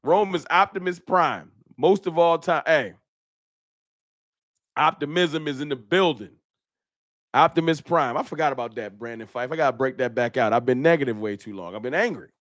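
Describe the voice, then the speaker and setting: A man hosting a casual live-stream fan talk show, animated and slangy, often repeating his words. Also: mid-range voice, normal speed, long pauses, no echo, clean studio sound.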